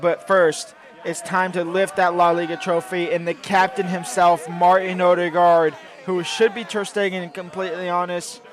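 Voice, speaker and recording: A man hosting a gaming channel, giving casual commentary over his own gameplay, rambling and swinging between low muttering and loud outbursts. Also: level tone, normal speed, some chatter behind, slight background noise.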